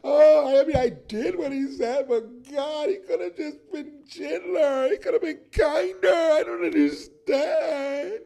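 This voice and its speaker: A man's voice: fairly even intonation, slow, vocal fry, hardly any pauses, warm tone, full character voice. A man putting on the voice of a whiny, easily hurt employee who sobs and pleads. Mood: weepy whining. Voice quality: high, sobbing, pleading.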